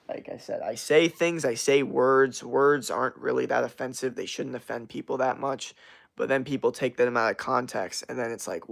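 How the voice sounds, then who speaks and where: A man's voice: medium pitch, creaky, fairly bright tone. A young man chatting casually on a livestream, rambling with lots of fillers and slang as he answers chat comments. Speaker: streamer.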